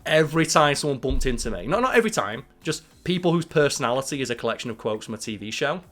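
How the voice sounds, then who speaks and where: A man co-hosting a podcast, chatting casually with animated, swear-flecked storytelling. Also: mid-range voice, fast. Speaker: podcast co-host. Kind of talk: casual chat.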